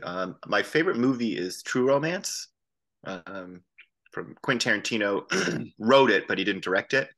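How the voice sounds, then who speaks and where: Man, interview guest, lively storyteller, low-pitched, bright forceful tone. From Boston area. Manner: animated anecdotes, acting out quoted voices. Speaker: band frontman as guest.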